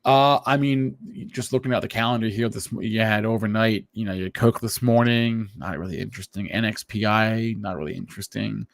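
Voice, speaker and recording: A man co-hosting a stock market show, talking in a laid-back, halting way with many fillers. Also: fairly low pitch, steady tone, dry recording, clean studio sound. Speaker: co-host. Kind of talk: casual market chat.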